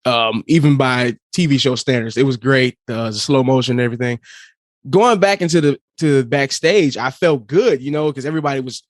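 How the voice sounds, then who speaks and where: A man co-hosting a casual podcast, chiming in with short agreeing remarks. His voice sits at an ordinary middle pitch and sounds dry and close, with no room around it. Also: fairly quick, no echo. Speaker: podcast co-host. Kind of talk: casual chat.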